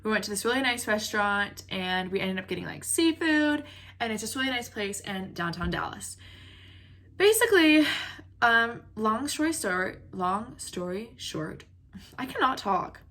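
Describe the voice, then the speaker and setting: A young woman vents through a storytime rant to her viewers. She talks in an animated, heated way, packing in "like" and acting out quotes. Her voice is bright and forward. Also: fairly high pitch, normal speed. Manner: animated, heated retelling with lots of "like" and quoted dialogue. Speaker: vlogger.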